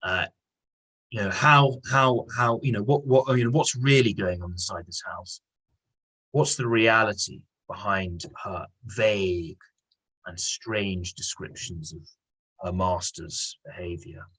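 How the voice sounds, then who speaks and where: Husky-voiced man teaching an English lesson. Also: fairly low pitch, fairly bright tone, rough recording. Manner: halting, repeats words while explaining; acts out dialogue voices when reading. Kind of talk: online English lesson, reading aloud.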